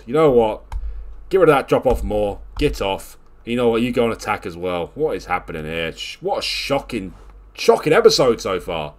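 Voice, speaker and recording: A man commentating live on his own video game play, scolding and exasperated, lurching from loud outbursts to low grumbling mutters. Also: big pitch swings, normal speed.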